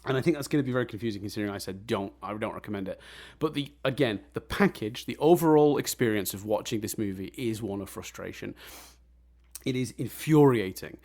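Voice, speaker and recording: Animated, laughing male podcast co-host. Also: on the low side, a little fast. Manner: animated, swears, laughs often. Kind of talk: casual film review chat.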